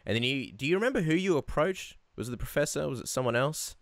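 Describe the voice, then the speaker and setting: A man's voice: fairly high pitch, animated, fast talker, no echo, clean studio sound. An Australian man co-hosting a podcast in casual chat, laid-back and joking. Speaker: podcast co-host.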